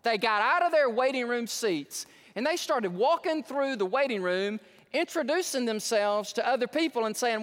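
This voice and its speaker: A man preaching a sermon as pastor in a large church, folksy and excitable, often restarting his words. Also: very high voice, moderate pace, in a large hall.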